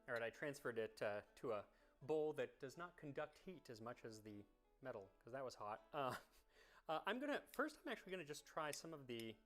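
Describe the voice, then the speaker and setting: Male cooking-history host, mid-pitched, chatty, tastes as he talks, keen on old stories. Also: sing-song, brisk, a bit bright, faint music behind. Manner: chatty, thinks aloud while tasting; curious, enthusiastic about history. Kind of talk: tasting commentary to camera.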